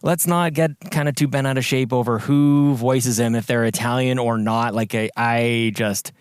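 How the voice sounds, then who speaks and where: A man co-hosting a casual gaming podcast, chatting in an animated way with lots of filler words. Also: medium pitch, moderate pace, clear, resonant tone, no room sound, studio quality. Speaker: podcast co-host. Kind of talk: casual chat.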